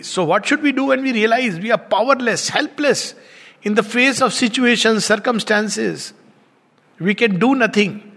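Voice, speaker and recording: Guy, pretty high voice, spiritual talk, chuckles a lot, big echoey hall. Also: moderate pace, gravelly, fairly bright tone. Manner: reflective, laughs often, tells stories. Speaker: spiritual teacher. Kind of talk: spiritual discourse. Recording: long hall reverb.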